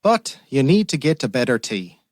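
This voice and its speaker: An actor playing a shrewd, dry-witted male police detective in a radio drama, calm and probing. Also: medium pitch, normal speed, dry recording, natural voice. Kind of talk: radio theater acting.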